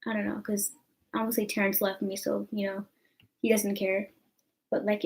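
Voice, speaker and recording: A woman's voice: mid-range voice, creaky, darkish tone, rough recording. A young woman, rambling casually to camera in a chatty vlog with lots of fillers. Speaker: vlogger.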